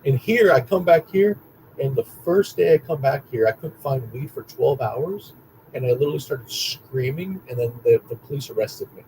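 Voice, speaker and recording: A young man telling stories in a rambling, excitable monologue, repeating himself and swearing often. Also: mid-range voice, moderate pace, a little hiss or hum, low-quality recording. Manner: excitable, profane, repetitive storytelling. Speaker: vlogger.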